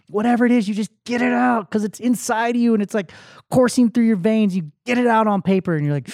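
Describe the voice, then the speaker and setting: A man's voice: sits high, fairly quick, vocal fry, dry recording. Hyped-up motivational man, dry sound. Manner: energetic, swings from hyped shouts to quiet emotional tones. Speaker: podcast host. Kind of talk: motivational talk.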